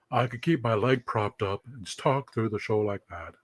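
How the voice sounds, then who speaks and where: A man's voice: lowish voice, moderate pace, few pauses, husky, dry recording. A man vlogging from home, rambling and thinking aloud, recorded by a camera set at some distance. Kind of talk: casual vlog monologue.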